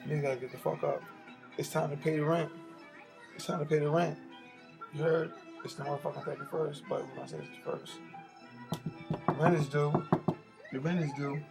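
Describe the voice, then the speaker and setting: Gravelly rowdy man filming a wake-up prank. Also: fairly high pitch, fairly even intonation, normal speed, long pauses, over loud music, poor audio. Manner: rowdy, taunting, repeats himself, swings between shouting and muttering. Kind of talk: loud profane teasing vlog. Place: apartment indoors. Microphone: handheld phone camera.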